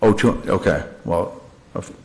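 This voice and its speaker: Deep-voiced, deferential man at a hearing. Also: unhurried. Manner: agreeable and deferential, with frequent restarts. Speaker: property owner applying for a land-use change. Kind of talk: testimony at a public meeting.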